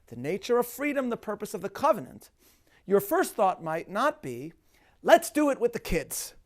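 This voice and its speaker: High-voiced man giving a measured lecture. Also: fairly bright tone. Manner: measured, emphatic delivery with Hebrew terms. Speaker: rabbi. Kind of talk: scripted lecture on a religious festival.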